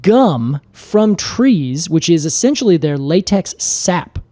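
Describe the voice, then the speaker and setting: A man co-hosting a podcast, telling the story in a playful, animated way in casual chat. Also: fairly high pitch, slow pace, dry recording. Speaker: podcast co-host.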